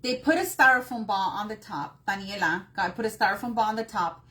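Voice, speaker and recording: A woman's voice: medium pitch, brisk, bright, forceful tone. A woman hosting a live craft tutorial on her phone, chatting and greeting viewers by name between steps. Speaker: craft workshop host.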